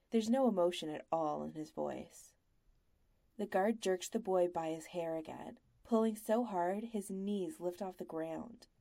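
Woman, audiobook narration, measured, mellow dark tone, slightly low pitch. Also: gravelly, no room sound.

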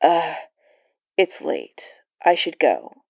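A woman reading a story, voicing a weary, soft-spoken young man who talks in a tired, quiet, subdued way. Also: deep voice, wildly swooping pitch, very slow, vocal fry, dry recording, muffled recording, full character voice.

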